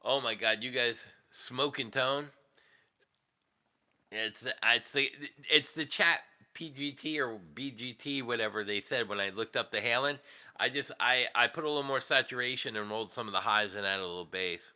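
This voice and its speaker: A man hosting a casual livestream, talking in a rambling, profane, animated way. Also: mid-range voice, moderate pace. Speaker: livestream host.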